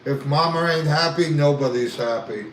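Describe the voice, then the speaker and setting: A man's voice: a little high, moderate pace, reverberant, slight background noise, poor audio. A man joining in with casual, joking remarks off to the side of a livestream. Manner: joking interjections. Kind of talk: casual chat in the background.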